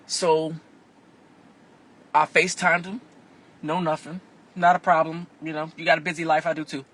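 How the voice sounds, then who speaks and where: A man tells a frank, profane story from inside his car, animated and expressive. His voice sits a little high, with a sharp, bright edge and a husky grain. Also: moderate pace. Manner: animated and profane, acts out other people's voices. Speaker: vlogger. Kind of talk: candid storytelling monologue.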